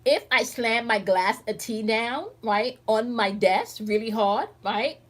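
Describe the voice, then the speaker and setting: Her voice is a little high and she speaks slowly. As host of her channel and a spiritual teacher, she runs a casual stream, talking bluntly and emphatically, swearing plenty and repeatedly checking on her audience.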